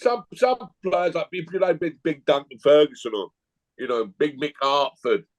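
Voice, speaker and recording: A man's voice: fairly high pitch, very animated, normal speed, poor audio. A man, a guest telling blunt, jokey stories in a casual chat.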